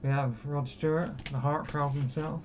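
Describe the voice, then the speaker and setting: Here a young Brit with a fairly high voice talks casually at a moderate pace, wandering through his record collection and teasing himself. His intonation is fairly even, and the dull lo-fi audio carries clear background noise.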